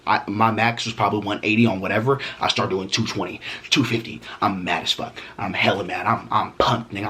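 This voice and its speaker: A man's voice: lowish voice, pushed and bright, a little hiss or hum. A young man vlogging a storytime, talking casually with heavy slang, swearing and fillers.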